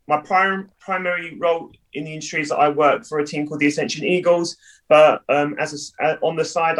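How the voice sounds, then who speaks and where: A man with a southern English accent, a cheer coach guesting on a podcast, talking in a playful, lively way. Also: a little high, low-quality recording. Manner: playful, lively, self-deprecating. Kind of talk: casual podcast chat.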